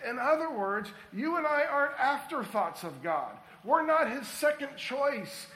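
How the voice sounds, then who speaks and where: Pastor, male, high voice, preaching with emphatic call-and-response, echoey church. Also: big pitch swings, measured pace, pushed and bright. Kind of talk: sermon.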